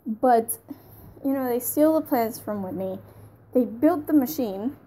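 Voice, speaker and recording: A woman's voice: on the high side, expressive, a little slow, mellow, slight background noise. A woman giving a casual spoken review of a TV episode, chatty and frank, often breaking into laughs.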